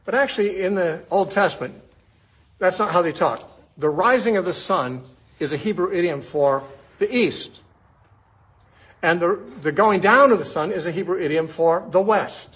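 Male Bible teacher, husky, a little high-pitched, chatty and full of rhetorical questions, dull old-sounding recording. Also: normal speed, fairly bright tone.

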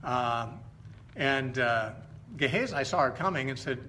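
A middle-aged man tells Bible stories as an informal teacher. His voice is bright and forward, and he talks in a conversational, halting way, often pausing to correct himself. A faint hiss of noise sits behind him. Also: mid-range voice, expressive.

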